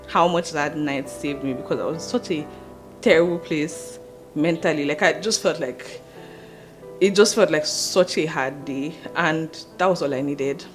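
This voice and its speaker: A young woman talks straight to camera in a lowish voice. She is expressive and laughs easily, doubling words for emphasis. Soft music plays faintly behind her. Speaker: podcast host and mother. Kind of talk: casual confessional talk to camera.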